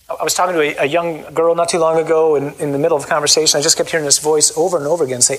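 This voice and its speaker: A man with a husky, slightly breathy voice speaks as a Catholic priest. He talks to a gathering in an animated way and acts out the quoted voices, then leads a measured closing prayer. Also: fairly high pitch, poor audio.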